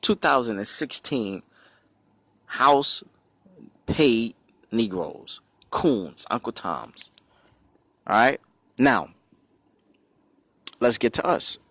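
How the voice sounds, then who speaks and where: A man's voice: medium pitch, expressive, takes it slowly, long pauses, bright, forceful tone, no room sound. A man from the United States giving an impassioned spoken commentary, emphatic and repetitive, often putting rhetorical questions to his listeners. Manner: emphatic, repeats phrases, asks rhetorical questions. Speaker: speaker on a religious channel.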